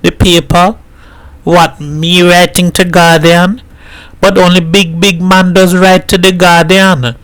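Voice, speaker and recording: A man voicing an excited, bright little boy who speaks in Caribbean dialect. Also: high-pitched, slow pace, no room sound, voice pushed up. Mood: eager.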